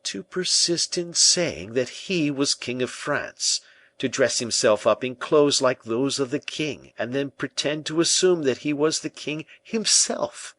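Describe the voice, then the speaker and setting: A man voicing a calm, self-possessed schemer in an audiobook, persuading and giving orders with smooth assurance. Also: medium pitch, measured pace, voice pushed up. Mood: confiding, stern. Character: cool, scheming male musketeer-bishop. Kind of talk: audiobook character reading.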